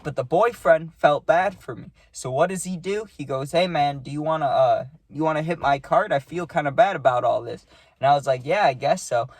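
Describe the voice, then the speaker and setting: Young male vlogger, casual and animated, lots of fillers, dry close sound. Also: fairly high pitch, dry recording. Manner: animated, rambling, with many likes and rights. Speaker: storytime vlogger. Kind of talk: casual storytelling.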